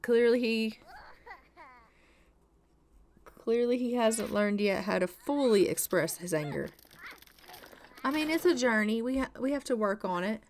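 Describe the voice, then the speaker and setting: Playful woman game narrator, chatty, gushing, a bit high-pitched. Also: expressive, unhurried, pauses often. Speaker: gaming YouTuber. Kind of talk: casual let's-play narration.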